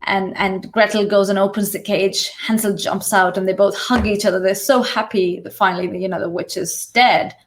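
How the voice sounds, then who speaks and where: A woman hosting an online session, retelling a fairy tale in a relaxed, conversational way and often checking in with "you know" and "right?". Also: medium pitch, moderate pace, few pauses. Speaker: workshop host.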